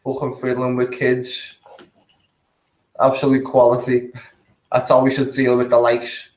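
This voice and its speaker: A man's voice: medium pitch, monotone, a little slow, a little mellow, echoey room, low-quality recording. A man giving casual, blunt, sweary commentary while reacting to video clips, laughing often.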